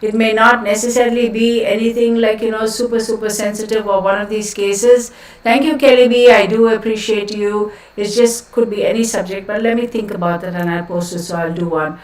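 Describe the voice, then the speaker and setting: A woman hosting a casual live stream, chatting warmly with viewers, laughing often and thanking them by name. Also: medium pitch, steady tone, fairly quick, recorded from a distance. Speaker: live stream host reading chat. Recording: roomy, voice a bit off-mic.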